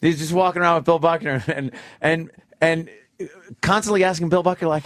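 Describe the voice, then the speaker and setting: A man's voice: a little high, brisk, no room sound. A man co-hosting a radio talk show, swearing freely and acting out scenes as he retells them. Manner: profane, animated when retelling scenes. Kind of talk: casual radio banter.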